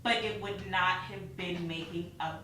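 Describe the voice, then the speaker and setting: Animated woman telling a faith story. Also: lowish voice, moderate pace, very echoey, far from the mic, slight background noise. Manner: animated storyteller, laughing and acting out quotes. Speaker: guest. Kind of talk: testimony in casual chat.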